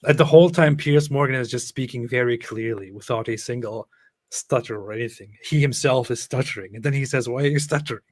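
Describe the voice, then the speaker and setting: Man, sarcastic commentary host, mid pitch, dead dry sound. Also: a little fast, no room sound. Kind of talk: casual reaction commentary.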